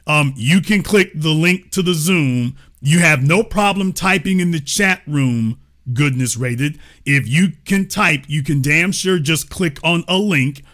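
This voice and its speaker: A man's voice: a little high, a little slow, a bit bright. A man hosting a livestream political commentary show, talking in a mocking, sarcastic way. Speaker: show host.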